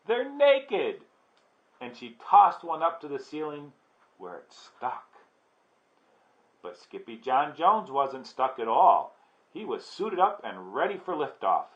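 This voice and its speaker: A man reading a children's book aloud in a relaxed way, with chatty asides to listeners. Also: mid-range voice, unhurried. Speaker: storybook reader. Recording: dull lo-fi recording.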